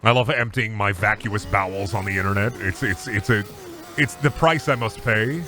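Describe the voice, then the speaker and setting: A man's voice: fairly low pitch, moderate pace, bright, forceful tone, soft background music. A man streaming a game in casual, crude, goofy commentary, rambling between jokes and trash-talk at opponents.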